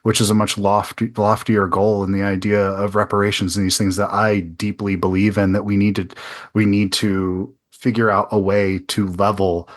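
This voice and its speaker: A man's voice: fairly low pitch, flat delivery, moderate pace. A man hosting a podcast interview, earnest and thinking aloud, often restarting his sentences. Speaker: podcast host. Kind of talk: casual interview conversation.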